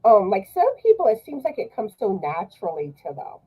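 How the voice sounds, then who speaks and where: A woman's voice: mid-range voice, big pitch swings, a little fast, dark tone, slightly rough, rough recording. A woman guest on a live chat, speaking hesitantly with many fillers and restarts. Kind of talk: casual chat on a live stream.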